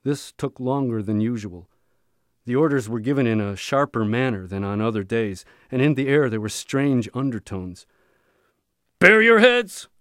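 A man reading a memoir aloud in a measured, steady storytelling voice. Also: mid-range voice, no room sound, clean studio sound. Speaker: reader.

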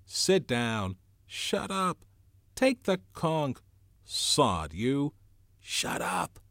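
A man reading aloud and voicing a boy leader who shouts to restore order in a rowdy meeting. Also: fairly high pitch, very animated, drawn-out words, creaky, dry recording, clean studio sound, pitched above the performer's own voice, heavily acted. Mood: shouting. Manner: loud, commanding shouts.

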